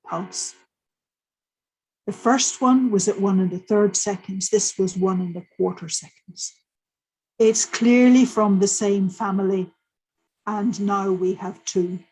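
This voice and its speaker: A woman's voice: mid-range voice, a little mellow, slight background noise, poor audio. An older woman astrophysicist giving a lecture, telling the story in a vivid present tense and explaining plainly. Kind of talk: lecture told as a personal story.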